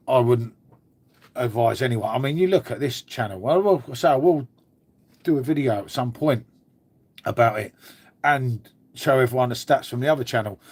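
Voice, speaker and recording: Matey bloke chatting on a live stream. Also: male voice, mid-range voice. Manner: chatty and matey, swears, answers viewers' comments. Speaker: beer channel host. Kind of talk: casual live stream chat.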